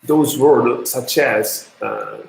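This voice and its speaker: Slow, halting lecturer in an echoey room. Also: male voice, medium pitch, vocal fry. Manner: halting, many ums and uhs. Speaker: university lecturer. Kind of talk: classroom lecture on pronunciation.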